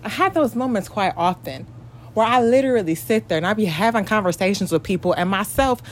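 A young woman, telling a story in a casual rant, profane and exasperated, breaking into shrill mock outbursts. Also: lively intonation, brisk, slight background noise.

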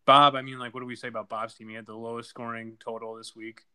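A man recaps the week's fantasy football matchups in loose, casual chat. His voice is bright and forceful, and his talk is blunt and full of cheerful trash talk. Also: medium pitch, level tone, fast talker, smooth. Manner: blunt, trash-talking, laughs easily. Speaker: podcast co-host.

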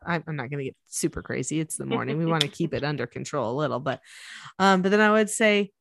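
A middle-aged woman hosting a parenting podcast, explaining steps in a steady, instructive way. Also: deep voice, fast, creaky, dry recording. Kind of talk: casual advice chat.

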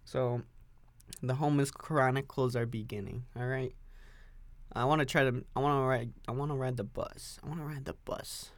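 A man's voice: medium pitch, steady tone, moderate pace, dry recording. Young guy ranting on his own podcast, cusses a lot, loops back on himself, dry sound. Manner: profane, rambling, repeats himself; talking while standing and drinking coffee. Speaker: podcast host. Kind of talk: rambling solo podcast chat.

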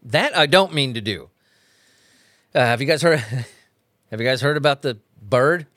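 A man's voice: medium pitch, expressive, a little slow, a bit bright, no echo, clean studio sound. A man hosting a casual podcast at home, talking into a microphone on a stand. He rambles, swears freely and laughs often. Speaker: podcast host.

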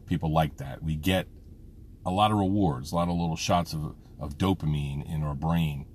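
Very deep-voiced man rambling frankly. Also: normal speed, darkish tone, a little hiss or hum. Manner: rambling, frank, swears freely. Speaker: vlogger, father. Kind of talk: casual personal monologue.

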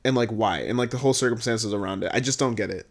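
A man giving a casual, profane recap, blunt and exasperated, swinging between low muttering and loud outbursts. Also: fast talker. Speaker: video creator reviewing a game.

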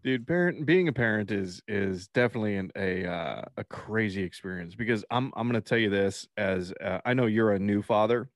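A man's voice: on the low side, a little fast, few pauses, no echo, studio quality. A man co-hosting a casual podcast from a room at home, joking, acting out voices and swearing freely. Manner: animated, mimics people, swears freely. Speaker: podcast co-host. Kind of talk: casual chat.

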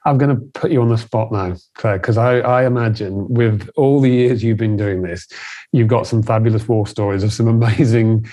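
A man's voice: lowish voice, fairly even intonation, normal speed, mellow. A man hosting an interview, encouraging and chatty, asking questions with frequent restarts. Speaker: host. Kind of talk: podcast interview.

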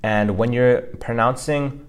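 A man's voice: mid-range voice, fairly even intonation, slow pace, clear, resonant tone. A man co-hosting a casual language lesson, explaining pronunciation loosely with fillers and restarts. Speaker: language teacher co-host. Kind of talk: casual instructional podcast.

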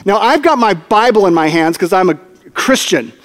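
High-voiced animated preacher in a hall. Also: male voice, normal speed. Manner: animated, comic storytelling with acted-out quotes. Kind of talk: storytelling sermon. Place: church hall. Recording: long hall reverb.

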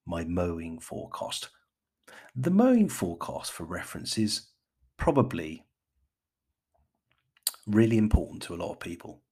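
A man's voice: sits low, slightly rough. A man from the United Kingdom hosting a gardening podcast in a rambling, chatty monologue, often calling his listeners friends.

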